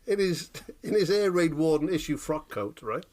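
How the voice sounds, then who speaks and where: Sweary man telling animated stories. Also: fairly high pitch, moderate pace. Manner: animated storytelling, sweary, keeps asking "right?". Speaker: podcast co-host. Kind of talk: casual chat.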